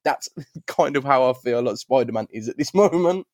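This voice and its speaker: Lively young man joking. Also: medium pitch, moderate pace, dry recording, studio quality. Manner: joking interjections, laughs. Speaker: podcast co-host. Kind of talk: casual chat.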